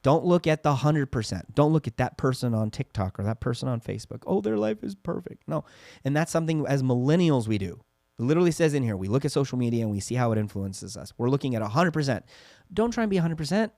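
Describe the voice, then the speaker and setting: A man in his thirties co-hosting a casual podcast chat, telling parenting stories in an earnest, animated way. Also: medium pitch, quick pace, no room sound, studio quality. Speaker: podcast co-host.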